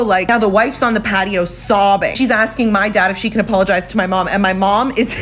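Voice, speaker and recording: Fast-talking young woman telling gossip. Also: medium pitch, faint music behind. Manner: animated, quick-talking gossip with swearing. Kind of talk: casual storytime.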